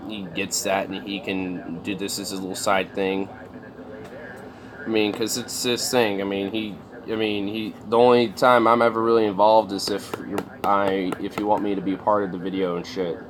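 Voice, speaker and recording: A man's voice: lowish voice, moderate pace, a crowd in the background. A man chatting casually on a livestream, rambling and swearing, with lots of fillers. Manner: rambling, profane, many fillers.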